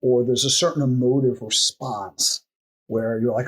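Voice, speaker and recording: A man's voice: mid-range voice, fairly even intonation, breathy edge. A man who is a coaching expert, explaining his method in a podcast interview and reeling off strings of coaching questions. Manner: acts out client replies in quick asides.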